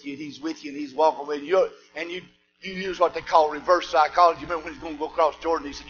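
A man preaching a sermon, swinging between shouted preaching and low asides. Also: steady tone, fast, lo-fi sound, faint music behind.

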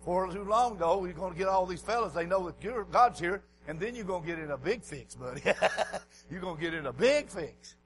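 A man preaching a folksy revival sermon in a church, dropping to quiet asides and rising to shouts. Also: lively intonation, fairly quick, a little hiss or hum, low-quality recording. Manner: folksy, swings from low murmurs to hoarse shouting.

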